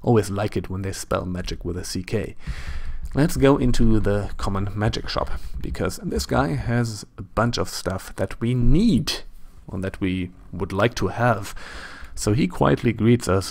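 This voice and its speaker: Speaking a little slowly in a lowish, slightly mellow voice, this German-accented let's play host keeps up relaxed commentary while playing. He muses aloud and pokes fun at himself along the way.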